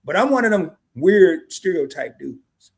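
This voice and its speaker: A man's voice: a little high, sing-song, unhurried, gravelly, slightly rough. A middle-aged man co-hosting a live stream, laid-back and slangy, talking straight to his viewers. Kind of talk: casual live stream chat.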